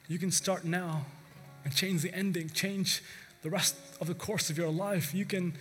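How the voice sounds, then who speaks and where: Male pastor, emphatic sermon, high bright voice, in a reverberant church hall with faint music. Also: fairly even intonation, moderate pace, hardly any pauses, slight background noise. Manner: earnest, emphatic, storytelling.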